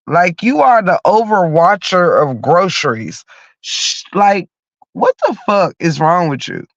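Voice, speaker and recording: A man's voice: high voice, sing-song, unhurried, fairly bright tone, no echo. A man with a stuffy nose from a cold, ranting bluntly and cursing through a heated story as a podcast host. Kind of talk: profane comic rant. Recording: dull lo-fi dry sound.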